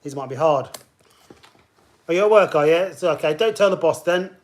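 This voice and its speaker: A man's voice: a little high, moderate pace. A man hosting a live online pub quiz, chatting and greeting players by name as he reads questions. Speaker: quiz host.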